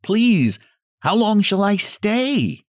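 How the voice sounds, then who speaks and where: A man voicing a timid male scarecrow who sobs and pleads in a high, slow voice. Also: big pitch swings, no echo, studio quality, full character voice. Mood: anxious. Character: sobbing timid male scarecrow, eager to be useful.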